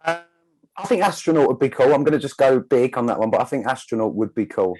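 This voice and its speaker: A man's voice: medium pitch, animated, quick pace, darkish tone, low-quality recording. A man, a singer guest on a podcast, talking in a laid-back way, laughing easily and calling the host mate. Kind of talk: casual interview chat.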